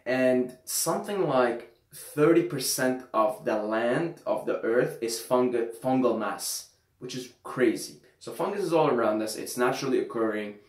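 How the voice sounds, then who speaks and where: A man at a middle pitch speaks loosely to his viewers, leaning hard on certain words and repeating himself for effect. He swears casually now and then. The room around him gives the voice a noticeable echo. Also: normal speed. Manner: loose, emphatic, swears freely, repeats phrases. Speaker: vlogger. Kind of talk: casual monologue to camera. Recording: roomy echo.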